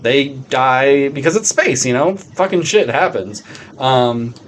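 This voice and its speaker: A man's voice: medium pitch, expressive, slow pace, a little hiss or hum. A man co-hosting a podcast in casual chat, rambling with lots of "like" and a good deal of swearing. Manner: rambling, heavy on fillers and swearing. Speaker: podcast co-host.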